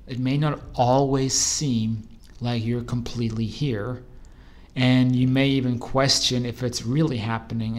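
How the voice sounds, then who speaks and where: Rambling man telling a personal story. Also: medium pitch. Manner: rambling, self-correcting, trails off and restarts mid-thought. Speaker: storyteller recounting a personal experience. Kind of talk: casual first-person anecdote.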